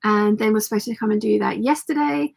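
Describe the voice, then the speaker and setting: A woman hosting a casual sewing livestream, chatty and reading viewer comments aloud, her voice slightly croaky. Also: mid-range voice, brisk. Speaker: sewing channel host.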